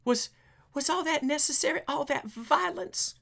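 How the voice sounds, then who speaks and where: A man voicing a scared young male street punk in a high, whiny, pleading voice. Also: moderate pace, creaky, a bit bright, full character voice.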